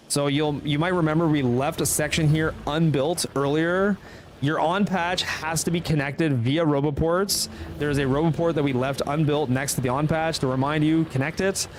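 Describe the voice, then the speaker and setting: A man's voice: on the high side, slight background noise. A young man with a Canadian accent, casually explaining his moves as he plays through a live game guide. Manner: casual, explanatory, thinking aloud. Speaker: speedrunner streamer. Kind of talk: live commentary over gameplay.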